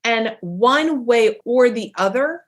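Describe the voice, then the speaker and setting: A middle-aged woman giving a motivational talk as a life coach, emphatic and animated, often acting out little bits of dialogue. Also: a little high, takes it slowly.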